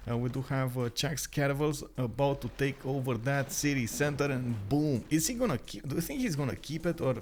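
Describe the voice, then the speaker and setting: Excitable male esports caster, quick talk. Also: medium pitch, slight background noise. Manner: excited, quick, many filler sounds. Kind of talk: live strategy game commentary.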